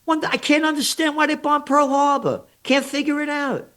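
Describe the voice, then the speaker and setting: A man's voice: extremely high pitch, level tone, moderate pace, a bit bright. An older American man with an American accent, a trends forecaster giving blunt, sarcastic, indignant commentary in an interview, full of rhetorical questions.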